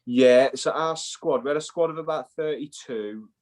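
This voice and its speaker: A man's voice: mid-range voice, normal speed, a little mellow. A young man with an English accent, chatting casually as an interview guest, swearing and calling the host "mate". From England. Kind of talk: casual chat.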